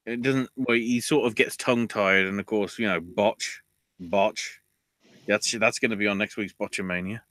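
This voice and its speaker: A man with a low-pitched but bright, forceful voice hosts a casual podcast recap. He rants freely and swears, and his voice shoots up when he gets riled. It is recorded close and dry. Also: steady tone, a little fast, hardly any pauses, no room sound. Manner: ranting, swears, voice jumps high when riled. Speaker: podcast host.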